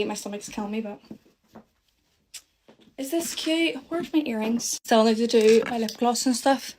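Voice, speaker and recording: A woman's voice: a little high, slight background noise. A woman chatting casually about her outfit while out of breath. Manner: chatty, rambling. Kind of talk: get-ready-with-me vlog chat.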